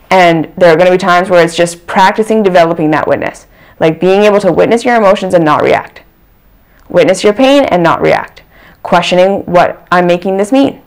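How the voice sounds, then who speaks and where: Earnest self-help vlogger, smooth clear voice, mid pitch, keeps repeating lines to hammer them home. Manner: earnest, repeats phrases for emphasis. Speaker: channel host. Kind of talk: reflective self-help talk.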